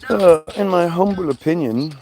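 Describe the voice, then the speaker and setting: Gravelly, angry ranting man. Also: high-pitched, moderate pace, warm tone, slight background noise. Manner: angry, profane, sarcastic ranting; mocks others in put-on voices. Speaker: commentator. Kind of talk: ranting commentary video.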